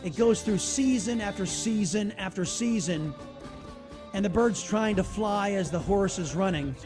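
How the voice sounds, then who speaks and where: A man hosting a talk radio show, telling a story in an animated monologue. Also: high voice, measured pace, music in the background. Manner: animated storytelling, narrates an ad over its soundtrack.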